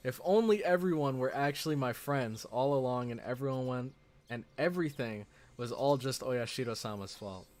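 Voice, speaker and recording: A man's voice: medium pitch, normal speed. Chatty male streamer reading a visual novel. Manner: chatty, excitable, with frequent "like" fillers. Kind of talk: reading game text aloud with casual commentary.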